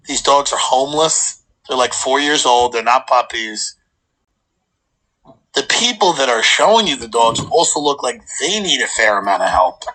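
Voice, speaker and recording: A man's voice: medium pitch, rough recording. A man hosting a casual chat, telling funny stories and acting out the people in them. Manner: animated comic storyteller, acts out quotes.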